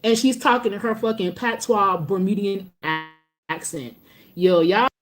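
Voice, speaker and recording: A woman's voice: medium pitch, unhurried, faint music behind. A woman venting in a reaction clip, exasperated and swearing often.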